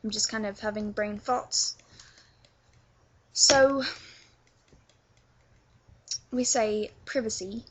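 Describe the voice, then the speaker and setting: Slow-talking young London woman. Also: medium pitch, fairly even intonation, slight background noise. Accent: London English. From England. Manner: chatty, many filler words. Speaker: vlogger teaching accents. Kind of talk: casual tutorial.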